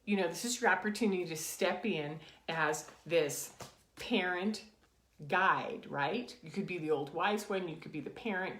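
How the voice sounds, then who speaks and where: A woman in her sixties hosting a reflective self-help video, talking earnestly about inner child work and dropping soft and quiet when she guides. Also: on the low side, normal speed, echoey room. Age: late 50s to 60s. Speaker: spiritual coach and video host. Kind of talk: casual reflective talk to camera.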